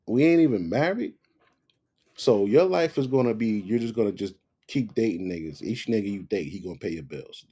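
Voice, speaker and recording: A man hosting a reaction video, giving loud, profane, mocking commentary. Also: on the low side, expressive, moderate pace, breathy edge.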